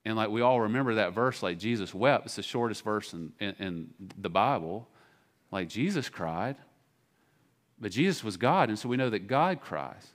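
A man's voice: fairly low pitch, expressive, normal speed. A man, a pastor preaching a sermon in a church, talking in a candid, conversational way with many restarts and fillers. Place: church sanctuary.

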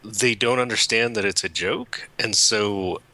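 A man's voice: fairly low pitch, unhurried, sharp tone, rough recording. A man from California, a podcast guest chatting casually and mocking himself, with frequent laughs. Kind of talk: casual call-in chat.

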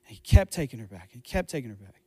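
A man's voice: mid-range voice, sing-song, quick pace, husky. A man preaching a sermon, earnest and building to impassioned appeals to the congregation. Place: church hall. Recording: echoey hall with faint music. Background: faint music.

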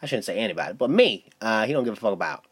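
Young man, solo podcast host, lively swinging pitch, profane rambling, filler-heavy. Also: very fast, breathy edge. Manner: loose, profane storytelling with lots of fillers. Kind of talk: casual solo podcast monologue.

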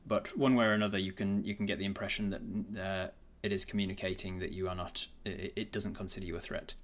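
A man running a tabletop game as its game master. He describes the scene in a low voice. He stumbles often and restarts his sentences, filling gaps with ums and uhs. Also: steady tone, fast, a bit bright. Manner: hesitant, many fillers and restarts.

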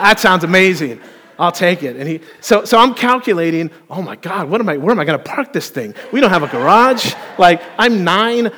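A man preaching a sermon as pastor, telling a story with playful, animated asides to the congregation. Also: high-pitched. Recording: long hall reverb.

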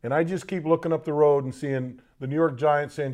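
A man hosting a sports talk show in a loose, halting way, with many fillers and restarts. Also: a little high, fairly even intonation, a little mellow. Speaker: host.

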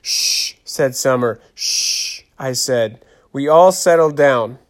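A man narrating a children's story in a steady reading voice. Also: mid-range voice, measured pace. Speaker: audiobook narrator.

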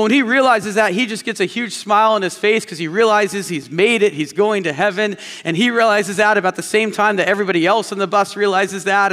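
A male pastor delivering a sermon in a fairly high voice, storytelling and driving points home by repeating them. His words carry a long reverb through a large church sanctuary. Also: fairly bright tone. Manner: storytelling preacher, repeating key phrases.

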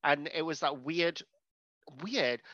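A co-host, telling stories in lively casual chat and acting out their own thoughts. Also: medium pitch, slow, no echo, lo-fi sound. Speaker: podcast co-host.

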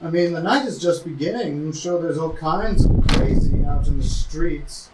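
A man running a tabletop game as game master, sometimes speaking in character, in a relaxed and amused way. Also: a little high, moderate pace. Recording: roomy, distant mic with background noise.

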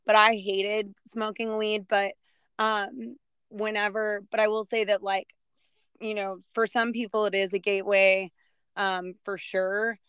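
Lady host asking stuff, says like a lot, kinda flat tone, clean smooth voice. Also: medium pitch, a little slow, dry recording, clean studio sound. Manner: filler-heavy, says "like" a lot. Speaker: podcast host. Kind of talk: casual interview questions.

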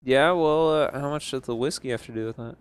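A man's voice: mid-range voice, a little fast, clean tone, no echo. A man in casual podcast chat, teasing his cohost and swearing freely.

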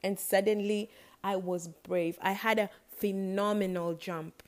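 A woman's voice: mid-range voice, fairly even intonation, a little slow. A woman hosting her own podcast, talking casually and playfully and laughing at her own jokes. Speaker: podcast host. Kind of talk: casual solo podcast talk.

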